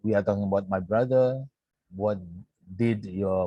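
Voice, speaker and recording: Slow and repetitive, this Indonesian-accented man teaches English grammar online, frequently asking "yeah" to check in. His lowish voice is warm, captured in a muffled recording with no room sound.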